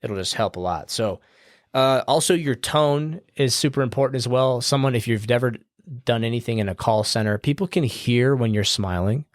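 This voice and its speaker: A man's voice: mid-range voice, normal speed, dry recording, studio quality. A man hosting a podcast, giving casual advice in a loose, rambling way with fillers and the odd swear word, in an upbeat, smiling tone. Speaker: podcast host.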